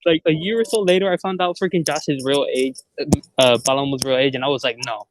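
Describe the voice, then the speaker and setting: A man's voice: on the high side, steady tone, fast, no echo. A young man in casual podcast chat, laid-back and incredulous. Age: young adult. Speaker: podcast co-host.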